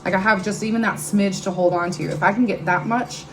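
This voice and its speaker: A middle-aged woman with a steady, mid-range voice speaks briskly as she shares her testimony at a recovery meeting, candid and emotional, telling her story conversationally to a live audience in a meeting room. The recording is rough, with a little hiss or hum.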